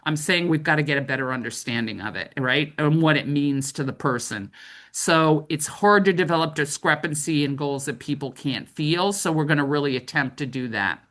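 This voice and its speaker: A woman's voice: deep voice, normal speed, fairly bright tone. A middle-aged woman trainer giving a conversational training lecture, often checking in with "right?".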